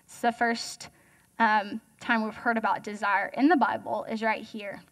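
A woman's voice: a little high, little pitch movement, measured pace, fairly bright tone. A young woman giving a casual, chatty sermon as guest speaker, joking and asking the audience questions.

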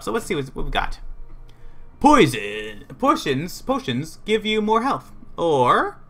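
A man's voice: on the high side, bright, forceful tone, slight background noise. A man livestreaming a video game, giving rambling play-by-play commentary to himself and his chat. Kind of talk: live gameplay commentary.

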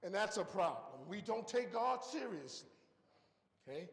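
A man's voice: high-pitched, very animated, moderate pace. A man preaching a sermon in a church, telling folksy stories and checking in with the congregation with "okay?". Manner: folksy storytelling with frequent "okay?" check-ins. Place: church sanctuary. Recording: echoey church hall.

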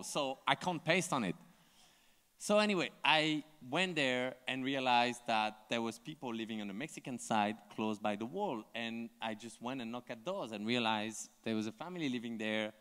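A man with a French accent tells stories to a live audience in an animated, lively way, often laughing and slipping into other people's voices. His voice sits at a middle pitch. A long hall reverb fills out the sound of the large room. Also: normal speed, clean tone. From France. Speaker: invited artist on a panel. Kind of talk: live onstage storytelling. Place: large museum auditorium before an audience.

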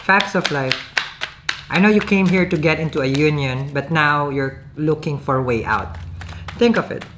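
A woman's voice: deep voice, moderate pace, background noise. A woman giving a casual tarot reading to camera, chatty, often checking in with "okay?" and laughing. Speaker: tarot reader.

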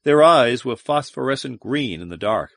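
A man narrates an adventure audiobook at a measured, deliberate pace. His pitch sits in an ordinary middle range. The recording is close and completely dry. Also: expressive, vocal fry, a bit bright, no room sound. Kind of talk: scripted narration.

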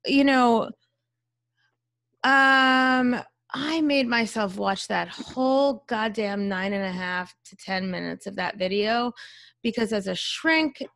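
A woman podcast host speaking candidly, with plenty of ums and the odd swear word. Her voice sits a little high and carries a gravelly vocal fry. She is a psychologist talking through her thoughts in a casual chat. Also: takes it slowly, a bit bright. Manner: candid, swears freely, many fillers. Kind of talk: casual conversation.

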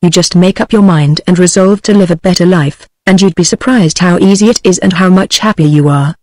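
Earnest preachy teen boy, read flat by a british lady tts voice, dry sound. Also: lowish voice, brisk, no room sound, close to an everyday voice. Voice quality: even, mechanical text-to-speech delivery. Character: earnest preachy sixteen-year-old boy.

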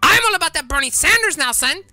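A woman doing a loud, goofy comedic roleplay over a game, full of slang, yelling and shrieks. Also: very high voice, animated, quick pace, dry recording. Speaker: YouTuber voicing roleplay characters.

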